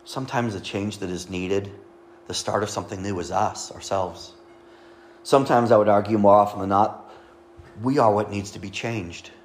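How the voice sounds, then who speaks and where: Low-voiced man preaching a sermon. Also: moderate pace, slight background noise. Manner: conversational preaching with asides and jokes to the congregation. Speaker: pastor.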